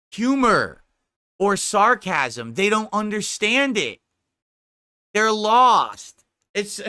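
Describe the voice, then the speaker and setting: A man's voice: high-pitched, bright, forceful tone, smooth. A man live-streaming a reaction, laughing and mocking his critics with plenty of profanity.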